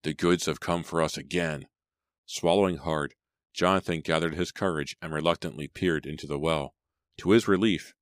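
In scripted audiobook narration, a man reads a storybook aloud steadily and with measure. His extremely deep voice is recorded dry and close, with almost no room sound and no echo.

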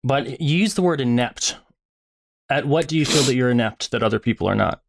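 A man asking careful, gentle questions in a calm conversation, phrasing things with hesitant restarts. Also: mid-range voice, brisk, gravelly.

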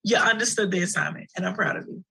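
A woman co-hosting a casual chat show, chatty and quick to laugh as she tells stories. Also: medium pitch, vocal fry, sharp tone, breathy edge, rough recording. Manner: chatty, storytelling, laughs easily. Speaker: co-host.

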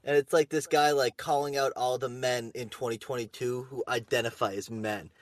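A man's voice: mid-range voice, normal speed, dry recording. A young man co-hosting a podcast, telling stories in casual chat with lots of swearing. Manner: swearing, excited storytelling. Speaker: podcast co-host.

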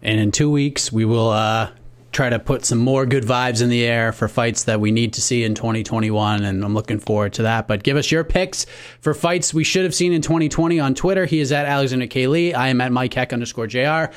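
A man's voice: medium pitch, brisk. A man co-hosting a sports podcast, talking in an upbeat, casual way with some fillers as he wraps up the show. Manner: upbeat, sign-off patter with fillers. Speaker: podcast co-host.

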